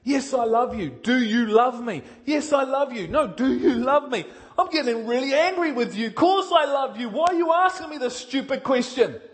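A man voicing the disciple Peter as an impulsive man who protests loudly and indignantly. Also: very high voice, expressive, a little slow, few pauses, voice pushed up. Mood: exasperated. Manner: raising his voice in indignant protest.

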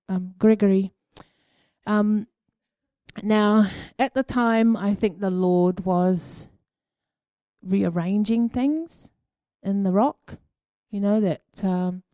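A woman sharing her prophetic experiences at a church gathering, speaking in a halting, conversational way with many ums and a habitual "eh?". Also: mid-range voice, mellow, no echo. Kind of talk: informal church teaching talk.

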